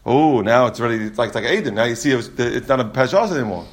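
A man teaching a Talmud class, reading out Aramaic passages and explaining them in English with quick repeated restarts. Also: mid-range voice, lively intonation.

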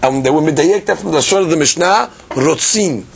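Reasoning aloud in an energetic Talmud class, a man voices both sides of the debate, keeps restarting, and weaves Hebrew and Aramaic words into his English. He speaks on the high side, animated and fairly quick, with a gravelly, slightly rough texture.

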